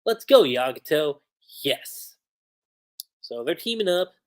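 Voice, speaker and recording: A livestream host recapping manga chapters in a casual, excited way, chatty with frequent laughs and lots of "like" fillers. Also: medium pitch, takes it slowly.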